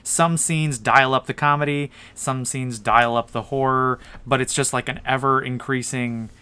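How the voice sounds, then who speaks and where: A man's voice: medium pitch, fairly even intonation, normal speed, pushed and bright, clear, resonant tone, dry recording. A man co-hosting a casual film review podcast, rambling through scenes with many restarts. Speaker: podcast co-host.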